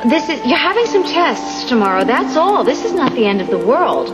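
A fiercely protective soap daughter. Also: female voice, high voice, big pitch swings, normal speed, in a large hall, over music. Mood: dismissive. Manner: insistent, reassuring. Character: devoted adult daughter, forceful and protective. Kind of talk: 1990s daytime soap acting.

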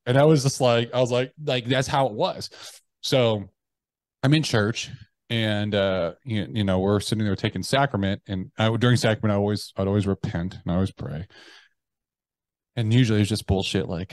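A man in his thirties speaks as a podcast guest, telling his story candidly in a voice that sits on the low side. He is blunt and swears freely, often breaking off and restarting his sentences. The sound is dry and close to the mic, with no room echo. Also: moderate pace, a little mellow. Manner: blunt, profane, with frequent restarts.

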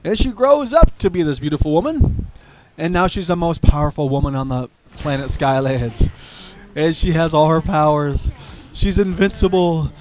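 A man telling a playful story with toys, animated and lively, dropping low for heartfelt asides. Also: normal speed, a little hiss or hum, poor audio.

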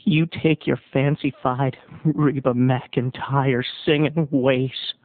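A man voicing a stern, fed-up male bartender who speaks low and grave. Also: steady tone, slow, no echo, close to an everyday voice. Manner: low, grave, then bellowing. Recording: tinny lo-fi phone-like sound.

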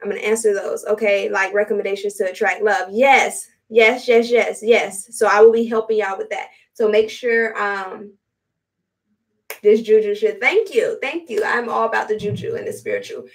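A woman's voice: mid-range voice, normal speed. A woman hosting a casual live-stream product demo, chatty and repetitive with blunt slang. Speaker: host selling spiritual products. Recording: voice distant from the mic.

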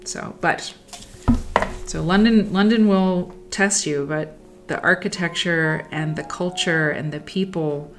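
Low-voiced woman telling stories casually. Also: slow pace, over music. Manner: rambling, reflective, trails off. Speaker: livestream host. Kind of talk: casual livestream storytelling. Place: at home while sewing.

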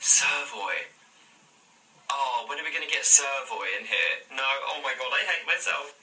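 A man's voice: medium pitch, a little slow. Self-mocking man vlogging. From London. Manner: self-deprecating, animated. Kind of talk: casual vlog, guessing slang. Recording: echoey room, distant mic, faint music.

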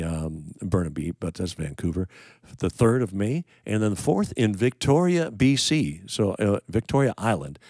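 A man's voice: low voice, a little mellow, no echo, studio quality. An older American man hosting a livestream, chatting casually and rambling as he greets viewers, with plenty of uh and um. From United States. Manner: rambling, folksy, pauses with uh and um. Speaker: worship livestream host.

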